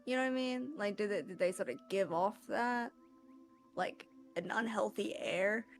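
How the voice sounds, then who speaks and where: Woman streamer at a game table, chatty and giggly, mid pitch, soft music bed. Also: moderate pace. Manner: chatty, giggly, many restarts. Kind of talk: casual tabletop game chat.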